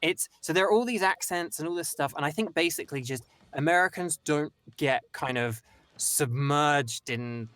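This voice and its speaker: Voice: medium pitch, normal speed, fairly bright tone, dry recording. A voice actor guest in a casual chat, rambling with many restarts and fillers.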